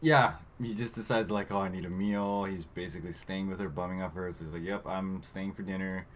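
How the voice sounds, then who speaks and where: Guy with a lowish voice rambling thru a movie recap, ums everywhere, faint hiss behind. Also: steady tone, brisk. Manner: rambling, trails off with fillers, reads from notes. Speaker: podcast co-host. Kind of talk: casual movie recap chat.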